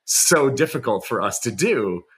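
Male podcast co-host, casual chat, effusive, filler-heavy, medium pitch. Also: big pitch swings, a little slow. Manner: effusive, heavy use of "like", warm praise.

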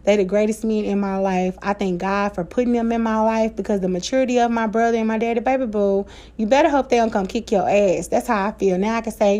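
A woman's voice: medium pitch, steady tone, quick pace, hardly any pauses, dark tone. A woman in her thirties with a Black American vernacular accent, talking straight to her listeners in a loose podcast rant. She is candid and emotional, swears freely and laughs often, in a mid-range voice. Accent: African American Vernacular English. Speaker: podcast host. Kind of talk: casual personal podcast monologue.

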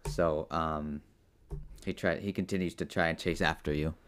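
A young man co-hosting a comedy podcast, setting up an absurd scenario in a deadpan way with many pauses and ums. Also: rumbling low. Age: young adult. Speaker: podcast co-host running the improv scenario. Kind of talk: casual improv chat.

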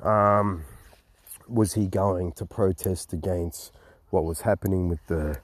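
A man's voice: deep voice, slow pace. Rambling, swearing Australian man. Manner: rambling and profane, with many restarts. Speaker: travel vlogger. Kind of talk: casual travel storytelling. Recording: noisy recording with clicks. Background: steady background noise.

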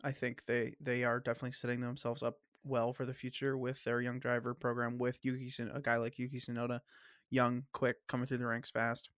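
A man hosts a casual sports podcast and argues his picks firmly, stumbling and restarting as he goes. He has a slight cough. His voice is mid-pitched and sits close and dry on the mic. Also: completely flat delivery, fairly bright tone, no room sound. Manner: opinionated, halting with restarts. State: coughing, clearing throat. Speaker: podcast host.

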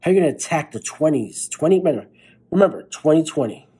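Young male podcast host, husky and mellow, tired late-night swearing pep talk. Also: a little high, expressive, fast talker, rough recording. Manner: blunt, profane, fired-up pep talk. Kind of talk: motivational monologue.

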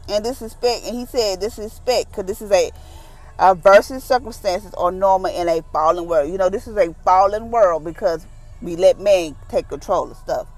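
Woman giving a chatty casual devotion. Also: on the low side. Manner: conversational, acts out quoted voices; informal, down-to-earth phrasing. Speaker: devotional speaker.

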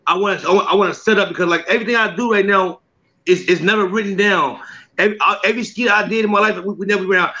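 High bright-voiced guy, animated storyteller, does voices and laughs a lot, bit muffled lo-fi sound. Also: rapid-fire. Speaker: comedian and skit maker. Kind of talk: casual interview.

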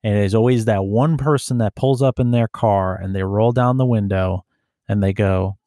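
In a dry, studio-quality recording, a police officer with a fairly low, dark voice tells profane stories in casual chat. He imitates the people he deals with through quick put-on voices.

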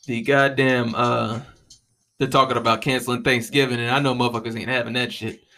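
A man's voice: mid-range voice, level tone, brisk, bright, forceful tone. A young man hosting a podcast alone, rambling in a casual, profane way with a lot of "you know what I mean.". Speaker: podcast host. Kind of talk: casual solo monologue.

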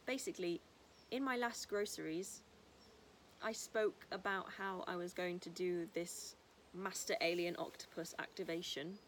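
A woman's voice: fairly low pitch, a little hiss or hum. A young woman talking in an earnest, rambling way as a vlogger, sometimes baby-talking to dogs. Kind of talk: casual spiritual vlog. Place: house, indoors and outdoors with dogs.

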